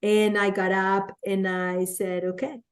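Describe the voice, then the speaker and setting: A Latina woman who is a guest on a podcast, telling stories from her career in an animated way and acting out the quotes. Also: medium pitch, measured pace. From Latin America. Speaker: guest, network marketer. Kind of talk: conversational storytelling.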